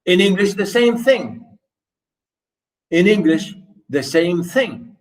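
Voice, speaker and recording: A man whose first language is Arabic gives a university lecture, sitting a little high in pitch. He takes it very slowly, repeating points and turning to his students. The voice sounds somewhat distant from the microphone. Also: animated. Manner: slow, repetitive, addresses students directly.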